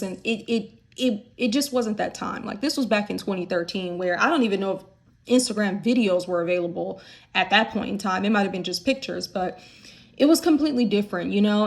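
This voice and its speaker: Chatty candid woman vlogger. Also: medium pitch. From United States. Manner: chatty and candid, with lots of fillers. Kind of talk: candid casual chat.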